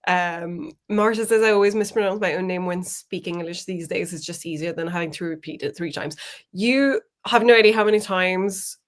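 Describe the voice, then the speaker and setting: On a writing sprint stream, a young adult woman co-hosts at a normal speed in a lowish voice. She keeps the talk casual, reads out what viewers write, and laughs often.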